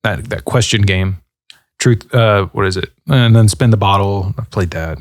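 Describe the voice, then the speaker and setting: A man's voice: on the low side, normal speed, no echo, studio quality. A man in his thirties hosting a casual podcast, answering listener questions in a laid-back, rambling way with lots of fillers. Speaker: podcast host.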